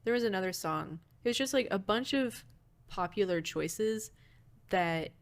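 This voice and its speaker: A woman's voice: mid-range voice, animated, a little slow. A woman co-hosting a podcast, chatting casually about a movie with many fillers and laughs. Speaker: podcast co-host.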